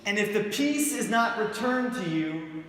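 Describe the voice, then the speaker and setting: A man's voice: sits high, animated, a little slow, fairly bright tone. A man preaching a conversational sermon as pastor, telling stories with jokes and asking his congregation questions. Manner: joking, storytelling, asks the congregation questions. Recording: echoey church hall with long reverb.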